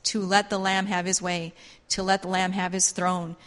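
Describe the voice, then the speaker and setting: A woman's voice: fairly low pitch, little pitch movement, normal speed, fairly bright tone. A woman teaching a Bible class in a fervent, repetitive preaching style. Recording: long hall reverb.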